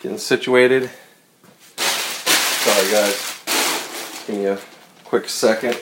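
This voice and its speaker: A man's voice: on the low side, fairly even intonation, slow pace, background noise. A man chatting casually to his viewers in a rambling way, swearing now and then as he drives and runs errands. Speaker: vlogger. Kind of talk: casual chat while driving and running errands. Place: in a car and parking lot.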